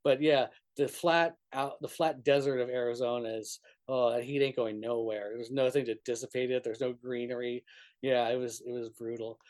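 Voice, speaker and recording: A touring musician from northern New Mexico tells road stories in a casual interview, rambling with lots of "like," restarts, and frequent laughter. His voice is mid-range and slightly mellow, with little pitch movement and a moderate pace.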